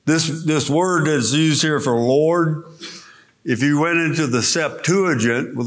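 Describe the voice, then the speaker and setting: A man preaching a sermon, teaching verse by verse through a Bible passage and explaining the original words. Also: mid-range voice.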